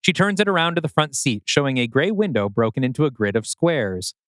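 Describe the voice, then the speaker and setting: A man reading scripted narration for an audio drama in a measured, wry manner. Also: mid-range voice, animated, a bit bright, dry recording, clean studio sound.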